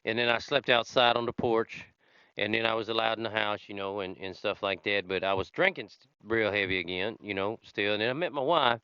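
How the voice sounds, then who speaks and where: A man's voice: on the low side, fairly quick, bright, forceful tone, clear, resonant tone, dry recording. A man hosting a podcast, telling his own recovery story in a rambling, conversational way with many fillers. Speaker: podcast host. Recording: slightly dull lo-fi sound.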